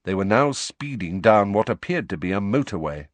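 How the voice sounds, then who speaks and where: A man reading a story aloud as an audiobook narrator, with expressive storytelling. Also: lowish voice, moderate pace, dry recording. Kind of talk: scripted narration.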